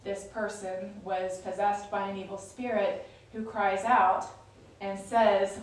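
A woman's voice: mid-range voice, flat delivery, slow pace. A woman leading a Bible study, explaining scripture in a chatty, conversational way with frequent fillers and restarts. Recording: echoey room, distant mic.

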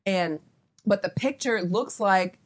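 A woman's voice: medium pitch, slow. A young adult woman, a photographer as interview guest, chatting casually and meandering with lots of asides.

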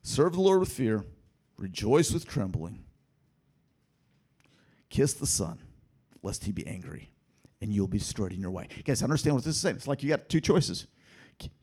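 A man preaching a sermon, swinging between loud emphatic lines and hushed asides. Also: medium pitch, slightly rough. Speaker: pastor.

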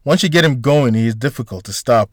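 A man voicing a calm, reassuring female doctor in an audiobook. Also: medium pitch, quick pace, dry recording, studio quality, natural voice. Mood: gentle. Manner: gentle, reassuring.

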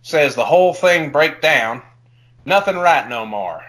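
A man's voice: a little high, sing-song, moderate pace, bright, forceful tone, poor audio. A man voicing a rustic male farmer reading his own diary in a thick folksy dialect with broken grammar. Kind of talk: comedic dramatic reading.

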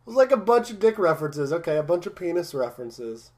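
A man in casual podcast chat, rambling through his points with lots of restarts and easy laughter. His voice sits a little high for a man. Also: very animated, fast, a little mellow. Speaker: podcast co-host. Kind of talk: casual episode recap chat.

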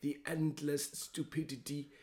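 A man's voice: fairly high pitch, little pitch movement, measured pace, darkish tone, pitched above the performer's own voice, close to an everyday voice. A man doing a grave German director musing on death. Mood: brooding. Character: solemn brooding male German film director.

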